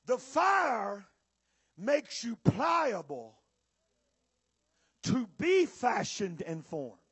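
High-voiced shouting male preacher. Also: big pitch swings, husky, dry recording. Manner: preaching with shouts and drawn-out emphasis. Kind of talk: sermon. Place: church or conference hall with audience.

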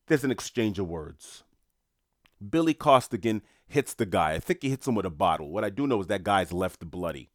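Low-voiced New man rambling. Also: expressive, normal speed, no echo, clean studio sound. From New York. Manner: rambling, conversational, addresses viewers. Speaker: commentator. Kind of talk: casual monologue.

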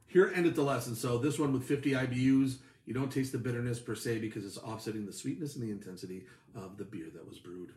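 A man's voice: medium pitch, fast, a little mellow, reverberant. A man from Buffalo, New York co-hosting a casual beer-tasting chat, joking around and explaining hops and flavors in detail. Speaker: beer-tasting show co-host.

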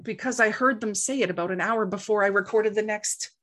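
A woman's voice: medium pitch, fairly quick. A middle-aged woman, a guest in an interview, telling a story in a casual way and acting out the voices she quotes. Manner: animated, acts out quoted voices.

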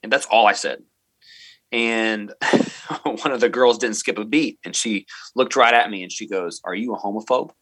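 Earnest bright-voiced man telling a story. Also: fairly low pitch, dry recording. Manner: earnest, halting, many restarts and fillers. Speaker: middle school math teacher, interview guest. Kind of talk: storytelling in a podcast interview.

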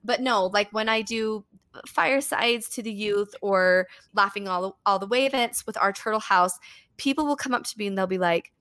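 A woman's voice: mid-range voice, moderate pace, fairly bright tone. A woman in her thirties, a singer and voice teacher, telling a story in a casual podcast chat and acting out what others said to her in shifting voices.

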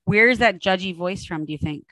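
A woman's voice: medium pitch, normal speed, pushed and bright, no echo, rough recording. A middle-aged woman hosting a podcast interview, enthusiastic and affirming in a conversational way. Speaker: podcast host.

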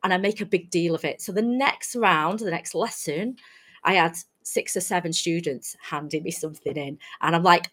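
A woman, a teacher talking as a podcast guest, telling energetic, animated stories and saying "you know" often. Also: mid-range voice, moderate pace. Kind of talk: casual conversational podcast chat.

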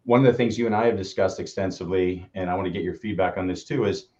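A very low-pitched man speaks in an earnest, reflective way as co-host of a casual coaching chat. His audio comes through dull and lo-fi, with the top end muffled. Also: fast, darkish tone. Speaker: podcast co-host.

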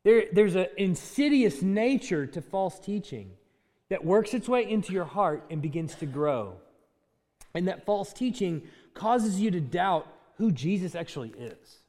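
A man with a high voice preaches in a lively way. He acts out short voices as he goes and laughs now and then. The sound rings with the long reverb of a large church hall. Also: unhurried. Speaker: pastor. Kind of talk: sermon.

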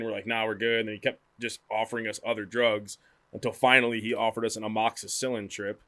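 A man's voice: on the low side, little pitch movement, fast, pushed and bright. An American man in casual chat, telling travel stories and swearing freely. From United States.

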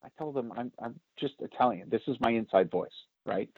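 A man co-hosting a political podcast, talking loudly and emphatically, getting louder when he is excited. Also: medium pitch, a little fast, dry recording. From United States. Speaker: podcast co-host. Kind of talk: opinionated political podcast talk. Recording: tinny phone-like sound.

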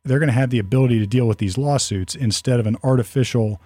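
A man's voice: mid-range voice, fast talker, dark tone, no room sound. A man chatting casually as a podcast co-host, rambling with many restarts and fillers. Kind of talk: casual conversational talk.

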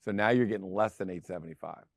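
With a low, gravelly voice and a fast delivery, a middle-aged man hosts a real estate show, casually pressing his points through emphatic repetition. The audio is studio quality and echo-free.

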